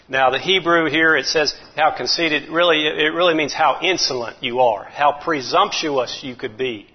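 A man delivers a folksy sermon with animated, chuckling energy. His voice sits a little high, and the recording is dull and lo-fi. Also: normal speed, few pauses, breathy edge. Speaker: preacher. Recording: muffled lo-fi recording.

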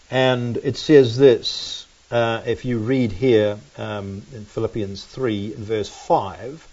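A man with a fairly high, slightly mellow voice preaches a sermon, telling stories casually and often dropping "man" and "you know." The recording sounds dull and distant.

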